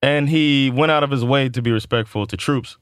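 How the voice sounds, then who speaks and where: A man's voice: mid-range voice, fairly quick, fairly bright tone, clean tone, dry recording, studio quality. A man co-hosting a casual talk show, blunt and frank, laughing often and swearing freely. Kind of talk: casual chat.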